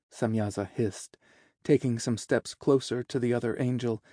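A man narrating a fantasy story in a measured, descriptive way. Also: mid-range voice, fairly even intonation, mellow, no echo, studio quality. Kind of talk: audiobook narration.

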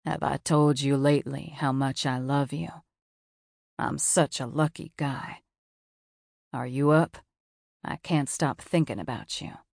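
An affectionate young man, as a woman narrator puts him on, his words dropped lower and softer than the narration. The tone is gentle and intimate. The sound is dry and close-miked. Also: fairly even intonation, a little slow, gravelly, pauses often, dry recording, heavily acted. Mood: tender. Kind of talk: audiobook character voice.

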